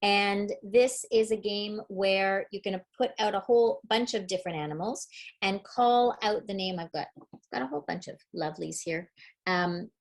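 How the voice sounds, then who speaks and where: A woman's voice: mid-range voice, normal speed. Woman, middle-aged, literacy educator, webinar lesson, upbeat, demonstrative, medium voice. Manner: upbeat, demonstrative, explains step by step. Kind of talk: webinar teaching.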